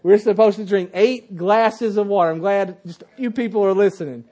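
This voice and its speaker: A man's voice: high-pitched, a little fast, warm tone. A man preaching a sermon to his congregation, emphatic and repeating key phrases, often asking the listeners questions.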